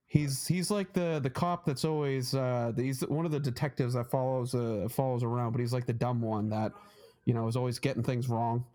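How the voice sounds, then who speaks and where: Man, podcast co-host, casual rambling chat, middle-pitched voice. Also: fairly even intonation, brisk, mellow. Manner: rambling, retells jokes in put-on voices.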